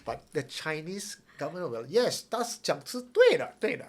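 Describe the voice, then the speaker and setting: A relaxed man chats and jokes on a podcast, often laughing. He also reads news stories aloud at an easy, conversational pace. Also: a little high, moderate pace. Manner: laid-back, jokey, laughs often. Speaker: podcast co-host. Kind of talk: casual chat and reading news aloud.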